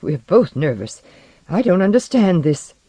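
Sobbing frightened woman as a narrator voices her, halting broken phrases, mellow tone. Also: mid-range voice, big pitch swings, breathy edge, dry recording, voice pushed up. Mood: panicked. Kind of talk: audiobook character voice.

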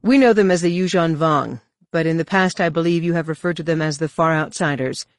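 A narrator voicing Luke, a calm, courteous male Jedi leader, in an audiobook reading. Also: mid-range voice, no echo, clean studio sound, close to an everyday voice. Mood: earnest. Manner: measured, courteous.

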